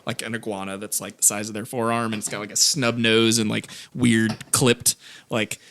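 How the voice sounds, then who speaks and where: A man's voice: on the low side, flat delivery, normal speed, a bit bright. A man narrating as game master of a tabletop game, rambling with many fillers and frequent laughs.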